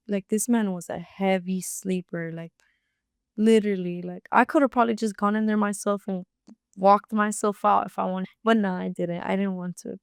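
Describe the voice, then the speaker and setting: A young woman, a podcast guest, telling a personal story in a rapid, animated way and filling her speech with "like". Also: mid-range voice, vocal fry, smooth, no echo, clean studio sound. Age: young adult. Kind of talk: casual storytelling.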